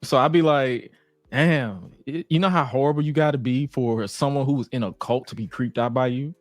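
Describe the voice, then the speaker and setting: A man's voice: medium pitch, moderate pace, dry recording. A man chatting casually about wrestling as a guest, with lots of restarts and frequent laughter. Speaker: podcast guest. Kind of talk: casual chat.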